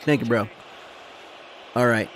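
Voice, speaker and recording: A man hosting a live watchalong stream, commentating excitedly and profanely, shouting at big moments and chatting with his viewers. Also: medium pitch, measured pace, slight background noise. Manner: talks to his chat and thanks viewers.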